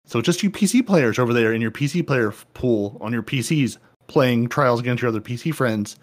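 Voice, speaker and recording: A man's voice: medium pitch, expressive, brisk. A man co-hosting a casual gaming podcast, paraphrasing update notes playfully and often stumbling into restarts. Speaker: podcast co-host.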